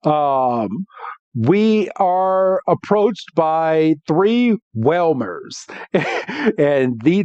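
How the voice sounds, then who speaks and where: A man's voice: a little high, darkish tone, dry recording. A man hosting a podcast, casually recapping an episode in a rambling way with many restarts. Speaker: podcast host. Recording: dull dry lo-fi.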